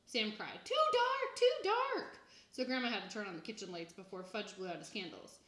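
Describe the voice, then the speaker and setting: A woman reading a children's book aloud in an even, plain storytelling manner. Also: mid-range voice, fast. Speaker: reader. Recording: echoey room.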